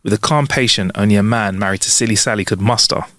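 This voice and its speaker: A man's voice: lowish voice, fast, fairly bright tone, dry recording. A man, co-hosting a podcast and reading out jokes in a casual, laughing, rambling way. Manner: jokey, laughs often, rambling asides. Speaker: podcast co-host.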